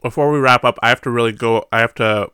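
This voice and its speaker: A man's voice: medium pitch, steady tone, fast talker, bright, forceful tone, smooth, no room sound, studio quality. A man co-hosting a podcast in casual chat, upbeat and joking. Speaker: podcast co-host.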